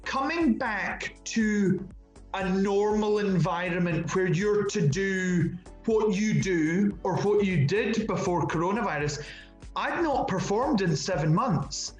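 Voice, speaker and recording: A man's voice: sits high, animated, slow, echoey room, muffled recording, faint music behind. A man with a Scottish accent, chatting animatedly as an interview guest and often restarting his words. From Scotland. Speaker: interview guest, drag performer. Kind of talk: casual interview chat.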